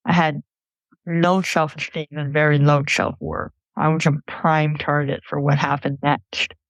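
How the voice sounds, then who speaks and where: A woman recounting a personal story in an earnest, measured way for a podcast. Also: low-pitched, little pitch movement, no room sound, lo-fi sound. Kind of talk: personal story told into a mic.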